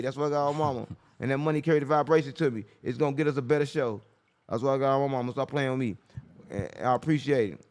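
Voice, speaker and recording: A man's voice: medium pitch, quick pace, darkish tone. A man hosting a casual podcast, brash and profane, preaching life advice in a loose, rambling way. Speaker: podcast host.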